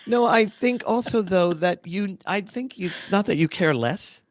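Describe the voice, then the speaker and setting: A middle-aged man co-hosting a podcast in casual chat, animated, swearing freely and acting out quotes. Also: high voice, moderate pace, a crowd in the background. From United States. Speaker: podcast co-host.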